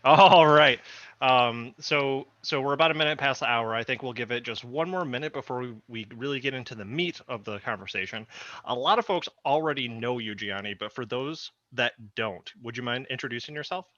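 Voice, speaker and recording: Man, webinar moderator, bright voice, upbeat, dry dull call audio. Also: medium pitch, a little fast, dry recording. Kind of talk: casual live webinar hosting.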